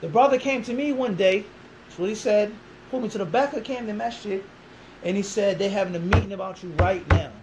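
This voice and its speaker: A man telling a long story as an interview guest, animated, acting out quoted dialogue and throwing in rhetorical questions. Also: high-pitched, fairly quick, a little hiss or hum, low-quality recording.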